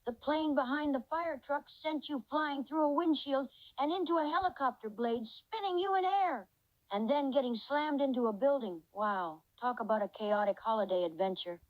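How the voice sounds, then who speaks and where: A woman's voice: high-pitched, moderate pace, dry recording, dull audio, lightly acted. A woman's synthetic voice playing a cheerful reindeer companion in an AI chat role-play, effusive and full of praise. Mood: amused. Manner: effusive, reads out its own laughter cues.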